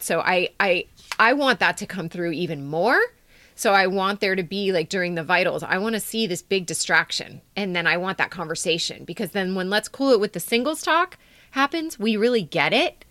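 A woman's voice: medium pitch, lively intonation, moderate pace, sharp tone, no echo. A woman in her fifties, a podcast co-host, giving candid and emotional feedback on a friend's writing in casual, filler-heavy chat. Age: 50s.

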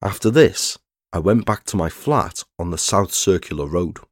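A man, narrating a true crime story in a measured scripted read. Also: low voice, animated, no room sound, clean studio sound. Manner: measured, reads statements aloud plainly.

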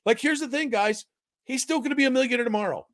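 A man's voice: very high-pitched, fast talker, a bit bright, dry recording, studio quality. A man co-hosting a casual sports podcast, telling rambling, self-mocking stories and breaking into giggles. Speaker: podcast co-host.

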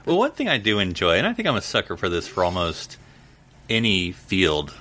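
A man's voice: sits low, huge pitch swings, normal speed, bright, forceful tone. A man co-hosting a podcast, chatting casually and rambling with lots of fillers. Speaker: podcast co-host. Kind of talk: casual chat.

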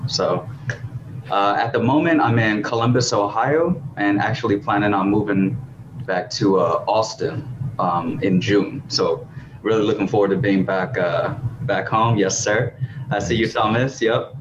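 A friendly, eager man raised in Texas joins a video call as a guest. His voice sits a little low. The call audio is dull and muffled with a faint hiss. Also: measured pace. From Philippines, raised in Texas. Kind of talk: casual chat.

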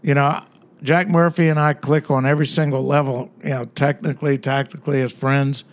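A man's voice: mid-range voice, flat delivery, a little fast. An older man, a guest author, telling stories in a rambling, conversational way with many fillers. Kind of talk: casual storytelling interview.

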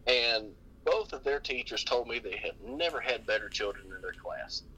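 Animated, laughing man telling family stories. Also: medium pitch, moderate pace, husky, low-quality recording. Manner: animated, laughing storyteller with many restarts. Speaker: podcast guest. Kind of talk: casual storytelling chat.

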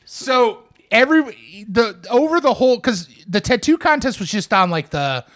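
Man, high voice, casual podcast chat, rambling anecdotes, quotes people in funny voices. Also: very animated, normal speed, fairly bright tone. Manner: rambling, many "like" fillers, acts out quotes. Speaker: podcast co-host.

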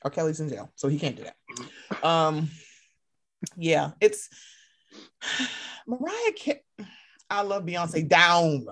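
A woman co-hosting a casual chat, animated and swearing freely as she acts out her own reactions. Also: deep voice, slow pace, long pauses. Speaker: podcast co-host.

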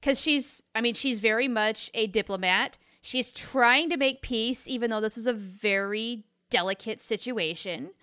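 A woman's voice: fairly high pitch, a little slow, few pauses, sharp tone, clean tone, no echo, studio quality. A woman co-hosting a podcast, chatting casually and agreeing enthusiastically. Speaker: podcast co-host. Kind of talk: casual fan chat.

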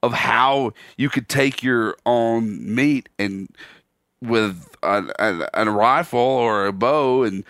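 A man's voice: medium pitch, takes it slowly, dry recording, studio quality. A man talking as a podcast guest, telling an anecdote and acting out what others said. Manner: lively anecdote teller who acts out quoted voices. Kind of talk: casual storytelling in a podcast interview.

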